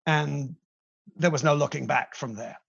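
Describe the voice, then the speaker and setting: Middle-aged British executive guest, lively storyteller, gravelly tone on a muffled line. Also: male voice, on the high side, unhurried. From Britain. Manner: animated storyteller, playful asides. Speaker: company CEO, guest. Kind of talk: conversational interview.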